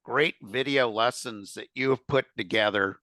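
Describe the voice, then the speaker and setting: A man's voice: mid-range voice, normal speed, pushed and bright, no echo. A man speaking as a podcast guest, talking about his writing in an enthusiastic, friendly way. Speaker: podcast guest, article writer. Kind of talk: casual podcast chat.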